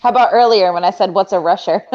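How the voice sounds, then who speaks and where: A woman's voice: mid-range voice, quick pace, a little mellow, dull audio. A woman hosting a casual trivia stream, teasing and laughing often as she chats with her boyfriend. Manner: giggly, teasing. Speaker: trivia host. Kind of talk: casual chat.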